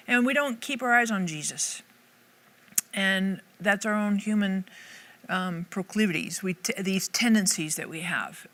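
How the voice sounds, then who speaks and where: A woman's voice: mid-range voice, sharp tone. Earnest woman giving casual devotional talk. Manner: earnest, conversational, thinking aloud with restarts. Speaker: Bible teacher. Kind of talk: casual devotional teaching to camera.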